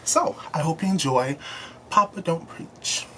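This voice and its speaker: A man's voice: on the high side, lively intonation, unhurried, background noise. A young man hosting his own vlog, talking to camera in a chatty, earnest way with frequent fillers. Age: young adult. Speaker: host. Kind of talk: casual talk to camera.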